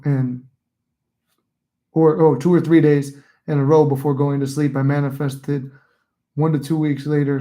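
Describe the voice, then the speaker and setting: A man's voice: fairly high pitch, warm tone. A young man in his twenties telling rambling, profane stories in a casual livestream chat, reading viewer comments aloud. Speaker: livestream host.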